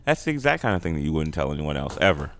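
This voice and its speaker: A man co-hosting a podcast, laying out his reading of a film in a thoughtful, measured way. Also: a bass voice, sing-song, a bit bright. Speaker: podcast co-host. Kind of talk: casual movie discussion.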